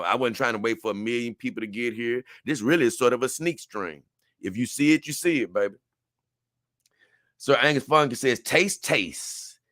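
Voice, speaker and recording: Young male streamer, bright and forceful, dry close mic, reads chat and rambles with laughs. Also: mid-range voice, no echo. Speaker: livestream host reading viewer comments. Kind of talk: casual livestream chat.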